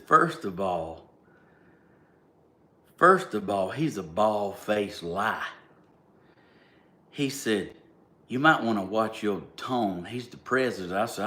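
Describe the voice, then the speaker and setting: A man with a Georgia-style Southern accent tells a story straight to the camera. His voice sits a little low, and he talks in a blunt, plainspoken way with an indignant edge. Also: a bit bright. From Southern United States. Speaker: vlogger. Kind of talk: casual storytelling.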